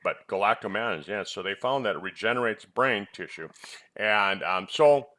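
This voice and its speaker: A man's voice: lowish voice, moderate pace, sharp tone. A man who presents health products and once ran a clinic, chatting in a rambling way and teasing his co-host with quiz questions. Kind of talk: casual chat about supplements.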